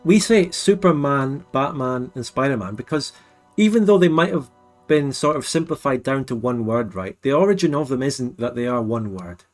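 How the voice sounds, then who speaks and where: A man's voice: mid-range voice, expressive, moderate pace, a little mellow, faint music behind. A Scottish man hosting a casual stream chat, who explains things at length in a playful, questioning way. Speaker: streamer host.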